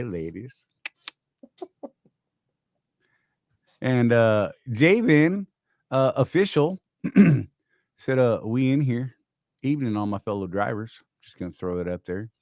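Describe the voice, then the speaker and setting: Guy cohosting a trucking live show, jokey and rambly, mid pitch, dry close sound. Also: dry recording. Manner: joking, rambling, greets viewers by name. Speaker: co-host of a trucking livestream. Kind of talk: casual livestream chat.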